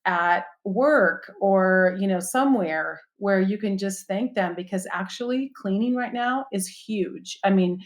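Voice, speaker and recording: A woman's voice: medium pitch, unhurried, few pauses. A woman guest on a podcast, chatting casually and listing practical tips with lots of "um" and "you know". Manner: practical, upbeat, listing tips with many fillers. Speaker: guest author.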